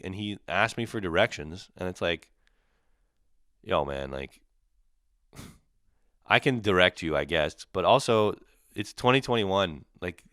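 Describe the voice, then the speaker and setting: Young man, low voice, dry close sound, profane exasperated rant, mocking tone. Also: pushed and bright, no echo. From Canada. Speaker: comedian ranting solo. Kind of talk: casual comedic rant.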